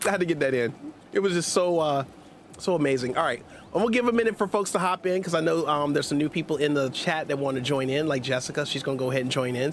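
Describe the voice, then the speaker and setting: A man's voice: fairly high pitch, fast talker, a little hiss or hum. A man hosting a gaming livestream, chatting casually, laughing often and munching into his mic. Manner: animated, laughs often, talks while munching. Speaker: streamer host. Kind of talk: casual livestream gameplay chat. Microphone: streaming mic.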